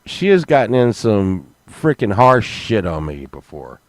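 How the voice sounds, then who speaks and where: A man telling rambling comic stories in a halting way, full of fillers and restarts. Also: fairly low pitch, very animated, no room sound. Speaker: comedy podcast host.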